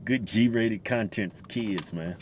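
A man's voice: on the low side, slow. A man co-hosting, joking playfully and laughing easily while sitting in a car at a drive-thru. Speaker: co-host. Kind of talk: casual joking banter. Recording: car interior with road noise.

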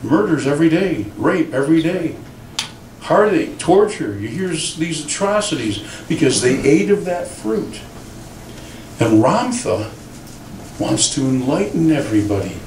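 A man, a pastor, preaching a sermon in an animated, storytelling way in a church. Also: fairly high pitch, moderate pace, a little hiss or hum. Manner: animated storytelling with acted quotes. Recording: roomy church sound from a distant mic.

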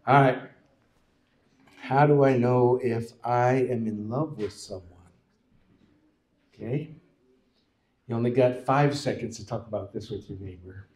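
A man's voice: mid-range voice, unhurried, pauses often, darkish tone. A man leading a congregation in a casual church talk, joking and coaxing the crowd to answer. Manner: playful, joking, coaxes the audience to respond. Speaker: worship leader and speaker. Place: church sanctuary. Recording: roomy church with music behind.

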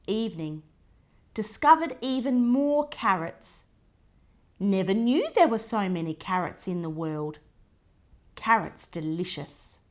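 A woman reads a children's picture book aloud, taking her time over each short entry. Her voice rises and falls with plenty of movement, and she breaks off now and then to point things out softly to the listening child. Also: mid-range voice, animated. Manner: slow, clipped diary entries with soft asides to the child.

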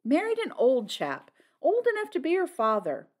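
A woman voicing a gruff middle-aged army major who talks in terse, clipped phrases with dropped words, in a storybook reading. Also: sits high, huge pitch swings, normal speed, pitched above the performer's own voice. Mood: matter-of-fact.

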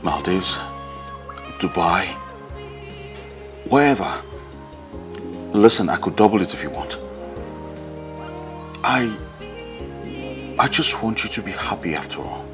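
A rich man in a film drama coaxes a woman to take his money and leave. His voice is low. Music plays clearly under the dull film sound. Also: lively intonation, slow, pauses often. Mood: coaxing. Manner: coaxing, persuasive. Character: wealthy man paying a woman off.

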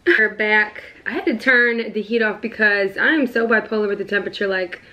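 A woman's voice: mid-range voice, steady tone, fairly quick, sharp tone, lo-fi sound. A woman vlogging casually at home, chatty and rambling, full of fillers as she talks to her viewers. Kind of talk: casual vlog chat to viewers.

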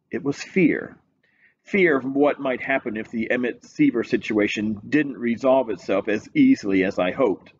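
A man reading a novel aloud in steady, measured first-person narration. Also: on the low side, highs cut off, a little hiss or hum. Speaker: reader. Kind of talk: audiobook-style narration.

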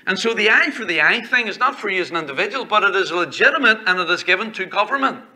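Pastor guy preaching hard in church, kinda high pitched, quotes the old bible wording. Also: lively intonation, fast talker, pushed and bright. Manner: emphatic preaching, quotes old-style scripture. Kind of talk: sermon. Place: church sanctuary.

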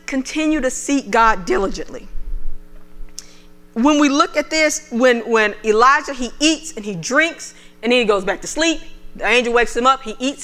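Bright-voiced woman preaching a sermon. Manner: animated, acts out the prophet's pleas in a raised voice; reads scripture aloud in a lower, measured voice. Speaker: minister. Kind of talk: sermon with scripture reading.

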